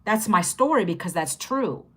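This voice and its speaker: With lively intonation and a moderate pace, this medium-pitched, fairly bright woman in her fifties runs a casual online-income livestream, upbeat and chatty, greeting viewers and repeating phrases.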